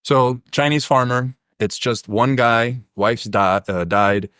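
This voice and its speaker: A man's voice: mid-range voice, fairly even intonation, takes it slowly, fairly bright tone, clean tone, dry recording, clean studio sound. A man with Polish as his first language, a podcast guest talking casually, a blunt, profane, rambling storyteller.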